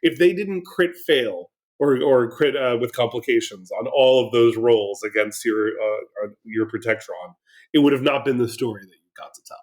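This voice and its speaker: A man co-hosting a podcast, telling stories in a lively way and acting out voices. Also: medium pitch, normal speed, rough recording. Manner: animated storyteller, acts out voices. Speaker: podcast co-host. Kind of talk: casual podcast chat.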